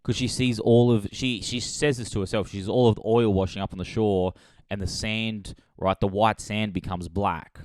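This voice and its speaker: Man, comedy podcast host, rambling sarcastic monologue, crisp clear voice, dry close recording. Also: lowish voice, normal speed, no echo. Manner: rambling, sarcastic, deadpan with sudden loud jumps. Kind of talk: comedic monologue, satirical movie pitch.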